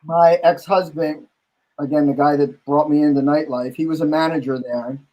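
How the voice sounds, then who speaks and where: Guy telling funny bar stories, kinda higher voice, acts out all the quotes. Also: normal speed, lo-fi sound. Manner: animated anecdote-telling, acting out quotes. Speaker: bar owner and guest host. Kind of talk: casual storytelling chat.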